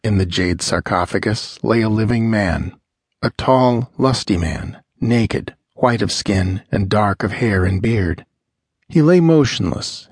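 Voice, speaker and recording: A man narrates a pulp fantasy audiobook, measured and dramatic. His voice sits low with a husky grain, recorded close and dry. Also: dry recording.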